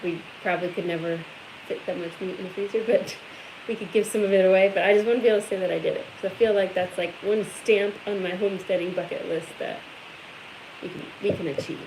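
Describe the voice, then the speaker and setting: A Midwestern American woman chats on a homestead livestream and reads viewer comments aloud. Her voice has an ordinary pitch. A clear hiss sits under the recording. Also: steady tone, quick pace. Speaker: co-host of a farm livestream. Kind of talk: casual chat, reading viewer comments.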